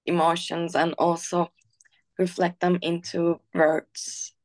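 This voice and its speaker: A woman reading her own poem slowly and softly, then chatting casually. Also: fairly low pitch, little pitch movement. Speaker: guest poet. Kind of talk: casual chat and poetry reading.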